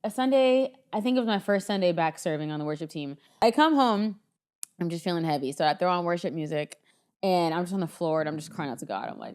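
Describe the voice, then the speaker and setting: A woman's voice: on the low side, expressive, fast talker, darkish tone, smooth. A woman co-hosting a podcast in casual chat, talking in a chatty storytelling way and laughing often. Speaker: podcast co-host.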